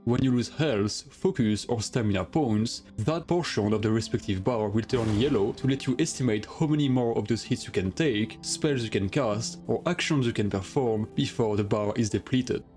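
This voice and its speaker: A man's voice: medium pitch, moderate pace, few pauses. French-accented man narrating a game guide. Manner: explanatory, steady and methodical. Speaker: gaming guide creator. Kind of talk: scripted narration. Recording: light music behind.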